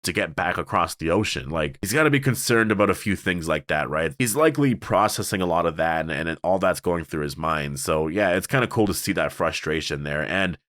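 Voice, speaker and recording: A man's voice: sits low, expressive, fairly quick, few pauses, fairly bright tone, no echo, studio quality. A man casually reviewing a TV episode on his own, rambling with many fillers and restarts. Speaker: TV show reviewer.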